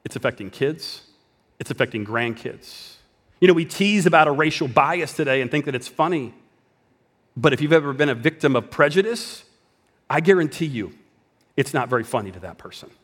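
A man's voice: fairly high pitch, animated, fairly quick, a bit bright, breathy edge. Man preaching a sermon in a hall. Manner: conversational preaching with dramatic drops to a whisper. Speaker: pastor.

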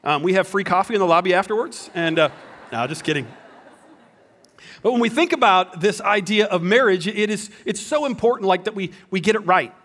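A man's voice: high voice, fairly quick, fairly bright tone. A man preaching a sermon as pastor, telling a story with jokes and restarting his sentences often. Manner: storytelling, joking, many restarts.

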